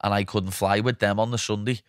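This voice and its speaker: A young man with a Liverpool accent, hosting a casual podcast chat and telling animated stories, swearing freely and acting out what people said. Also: fairly low pitch, brisk, no echo, clean studio sound. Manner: animated anecdotes, swears freely, acts out quotes. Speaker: podcast host.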